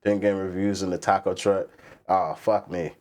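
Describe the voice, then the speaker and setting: A man's voice: sits low, moderate pace. A man from the East Coast US hosting a live stream, chatting casually and profanely, ranting about food and reading chat messages aloud. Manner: profane, animated, rants and reads chat aloud. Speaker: livestream host.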